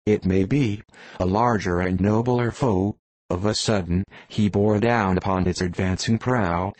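A male narrator reads a classic novel in a measured, expressive way. His voice sits low, and the recording is dry with no room sound. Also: no echo, low-quality recording.

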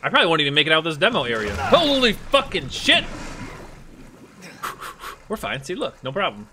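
A man's voice: on the high side, very animated, rapid-fire, noisy background. A young man streaming a horror game, jumpy and swearing, laughing nervously as he plays. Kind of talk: let's play commentary.

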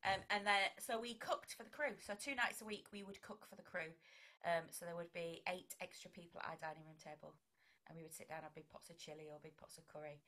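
Vicar lady chatting away, bright voice, acts out little conversations. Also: on the low side, fast talker. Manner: chatty and animated, acts out quoted exchanges. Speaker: vicar and broadcaster. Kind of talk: conversational interview.

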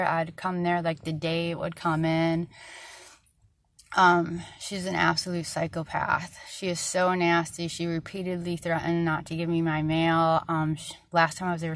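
Frustrated, rambling woman with a low voice. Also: fairly bright tone. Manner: frustrated, rambling, many fillers. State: tired, struggling to find words. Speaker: vlogger. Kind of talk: ranting personal vlog.

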